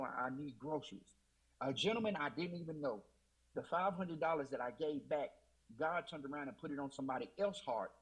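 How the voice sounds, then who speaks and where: Recorded in poor audio, a male guest with a mid-range, slightly bright and rough voice tells his faith testimony. He's emotional and repetitive, speaking in a Southern US Black church style and repeating "I said" as he quotes himself.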